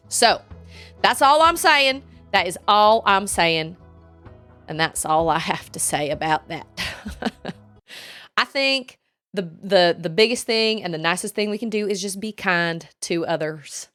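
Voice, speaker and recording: A woman's voice: mid-range voice, expressive, measured pace, a bit bright, soft background music. A woman streaming a video game, chatting casually with her chat and laughing often. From Texas. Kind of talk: casual chat while gaming.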